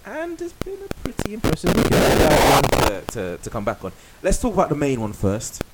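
A man's voice: on the high side, huge pitch swings, brisk, very noisy. A man hosting a casual football podcast, joking and swearing through loose banter with friends. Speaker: podcast host.

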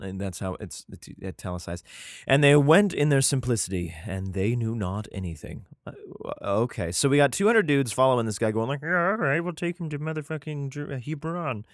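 A man's voice: mid-range voice, very animated, moderate pace, no room sound, studio quality. A man reading old scripture aloud at home, breaking off into irreverent, heavily profane joking commentary.

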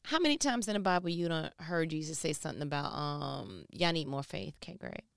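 Woman, lowish voice, dry close sound, lively casual Bible teacher who jokes with her listeners. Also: brisk, vocal fry, no echo. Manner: lively, joking, talks straight to the listener.

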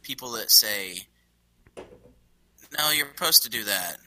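A man's voice: mid-range voice, expressive, slow pace, bright, forceful tone, poor audio. A man co-hosting a podcast, chatting casually with a hesitant, stammering manner. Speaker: podcast co-host. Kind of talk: casual banter.

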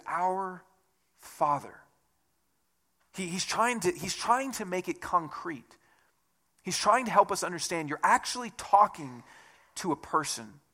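A man's voice: on the high side, bright, forceful tone. A male pastor preaching a sermon in a conversational way, often repeating words and rising into emphatic bursts.

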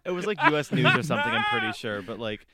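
A man's voice: medium pitch, wildly swooping pitch, quick pace, a loud crowd. A young man chatting casually on a podcast, matter-of-fact and peppering his talk with "like". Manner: matter-of-fact, explains with lots of "like". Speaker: podcast co-host. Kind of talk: casual chat.

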